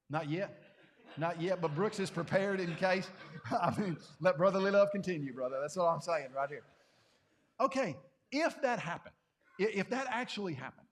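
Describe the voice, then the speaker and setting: A man teaching a Bible class to a congregation, conversational and animated, often questioning his listeners. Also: high-pitched.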